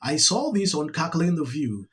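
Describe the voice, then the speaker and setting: A man's voice: on the high side, sing-song, normal speed, a bit bright, husky. A man with a Nigerian accent giving exasperated, emphatic reaction commentary on a talk-show clip.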